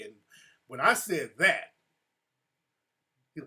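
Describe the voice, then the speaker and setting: A man hosting a casual live talk show, telling stories in an animated way and calling out chat viewers by name. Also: sits high, moderate pace, long pauses, husky. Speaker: show host.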